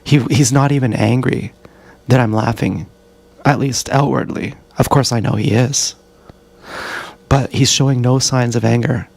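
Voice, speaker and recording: Gravelly man rambling through a story. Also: medium pitch, fairly even intonation, measured pace, darkish tone, dry recording. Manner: profane, tangled retelling with self-corrections. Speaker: live streamer. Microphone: action camera.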